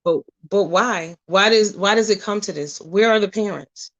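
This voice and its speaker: A woman vlogger ranting at the camera in a blunt, profane way, firing off rhetorical questions and telling animated stories. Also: mid-range voice, moderate pace, lo-fi sound. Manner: animated storytelling, drifting between loud and soft. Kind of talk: casual straight-to-camera rant.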